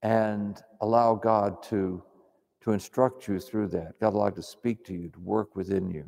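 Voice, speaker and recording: A man preaching in a calm, reflective, conversational way, teaching on prayer. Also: fairly low pitch, a little slow, creaky. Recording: long hall reverb.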